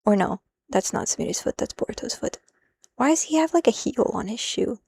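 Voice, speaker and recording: A woman's voice: a little high, expressive, fairly quick, creaky, darkish tone, breathy edge. A woman live-streaming as she translates a manga, thinking aloud in a rambling, self-interrupting way and dropping in Japanese phrases.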